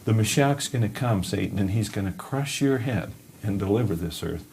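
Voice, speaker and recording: A man's voice: on the low side, lively intonation, moderate pace, gravelly, darkish tone, a little hiss or hum. Stern male God, solemn rebuke, read by a male preacher.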